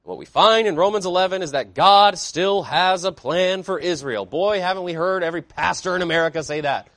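With a voice that sits high and a fairly quick delivery, a pastor preaches emphatically to his congregation. He poses rhetorical questions and alternates between loud declarations and quiet asides. The recording is dry.

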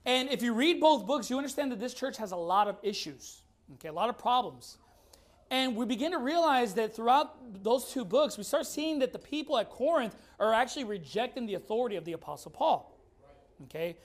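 A man's voice: very high voice, animated. Emphatic male preacher asking rhetorical questions. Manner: reads scripture slowly and deliberately. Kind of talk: sermon with Bible reading.

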